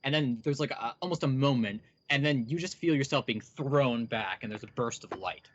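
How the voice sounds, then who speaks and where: A man's voice: medium pitch, moderate pace, a bit bright, no room sound. A man narrating as game master, with many hesitant ums and uhs. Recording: dull lo-fi recording.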